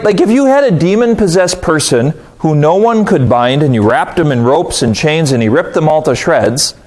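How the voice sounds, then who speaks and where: Man, Bible study leader, slightly high voice, very lively intonation, chatty teaching with rhetorical questions. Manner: conversational, animated, voices quoted reactions with pitch jumps; asks the audience rhetorical questions.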